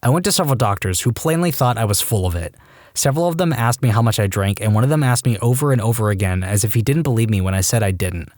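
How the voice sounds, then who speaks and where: A man narrating reddit stories aloud, reading in a brisk, even voice. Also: on the low side, no echo, clean studio sound. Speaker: story narrator.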